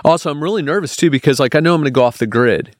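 A man's voice: a little high, racing, no room sound. A young man telling a personal story as a podcast guest, rambling with lots of fillers and restarts. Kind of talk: casual storytelling.

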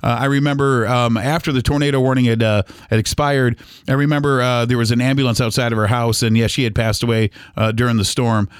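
A man's voice: medium pitch, flat delivery, quick pace, clean tone, no room sound. Rambling man from Ohio, dry sound. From Toledo, Ohio. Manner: rambling, with many fillers and restarts. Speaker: podcast host. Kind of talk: casual reminiscing monologue.

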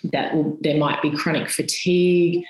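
A woman's voice: sits low, steady tone, normal speed, a little mellow. A woman, a physiotherapist guest on a podcast, explaining things step by step with everyday comparisons. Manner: patient step-by-step explaining with analogies. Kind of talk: explanatory interview talk. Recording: roomy echoey sound.

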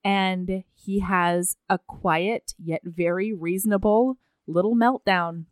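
A woman's voice: medium pitch, slow, dry recording. A woman co-hosting a book chat, retelling a romance novel's plot and acting out the characters' lines. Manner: animated storytelling, acts out characters' lines. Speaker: book podcast co-host. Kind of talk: casual chat recapping a book.

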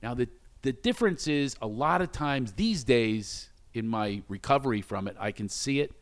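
A middle-aged man with an ordinary mid-range voice tells a personal story openly. He is animated and acts out each quoted exchange with sudden high exclamations, then turns quiet and reflective about shame and recovery. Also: normal speed. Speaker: guest telling a personal story. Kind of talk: candid conversational storytelling.

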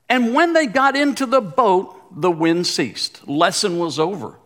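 A man, a former pastor, giving a sermon with animated delivery and repeated phrases. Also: high voice, a little slow, few pauses. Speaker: guest pastor, former pastor of the church.

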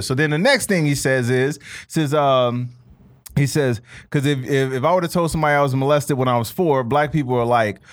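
A man co-hosting a podcast, talking casually and animatedly, often calling his co-host "bro". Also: fairly high pitch. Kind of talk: casual chat.

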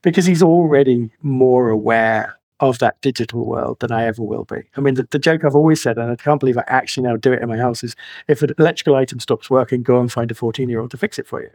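A man's voice: medium pitch, fast, darkish tone, no room sound. Emphatic man, dry close sound. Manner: emphatic, uses colorful analogies. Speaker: guest financial planner. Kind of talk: podcast interview.

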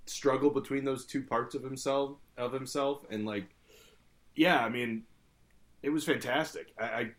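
A man talking casually and with enthusiasm about a show, at an average pitch. He rambles, packs his sentences with "like" fillers, and chuckles as he goes. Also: steady tone, a little slow, a bit bright. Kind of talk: casual chat.

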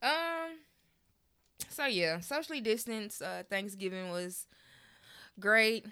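A young woman co-hosting a podcast, chatting casually with profane, animated storytelling and loud outbursts. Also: mid-range voice, takes it slowly, clean tone. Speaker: podcast co-host. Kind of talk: casual chat.

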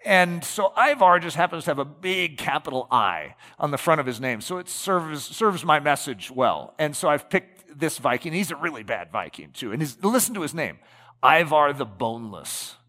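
A man's voice: on the high side, big pitch swings, moderate pace, pushed and bright, big-room sound. A man preaching a sermon in a conversational way, often checking in with the congregation with tag questions like "okay?" and "right?".

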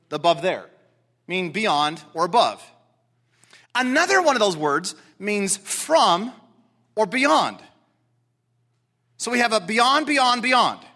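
A man preaching a sermon to a congregation in an animated, emphatic way, repeating words for stress. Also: sits high. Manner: excitable, talks directly to congregation. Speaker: pastor.

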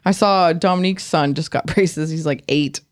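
A woman's voice: low-pitched, normal speed. A woman co-hosting a podcast in casual chat, telling a story with lots of swearing while speaking around new braces. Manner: animated storyteller, swears freely. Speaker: podcast co-host.

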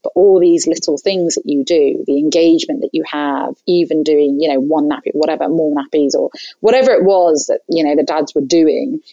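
A woman guest chatting candidly about parenting, chatty and self-deprecating with quick asides. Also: sits low, dark tone, no room sound, highs cut off. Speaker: podcast guest. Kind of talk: candid conversational chat.

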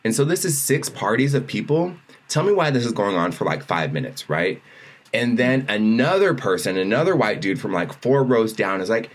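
A man's voice: on the low side, normal speed. A man co-hosting a podcast, telling a story in casual chat and acting out the lines of the people in it. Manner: animated storyteller who acts out other people's lines. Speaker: podcast co-host.

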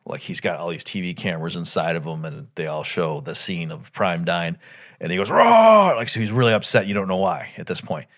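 A man hosting a podcast, casually recapping an old animated film, thinking aloud with restarts and acting out quoted lines in sudden loud bursts. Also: deep voice, a little fast. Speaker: podcast host.

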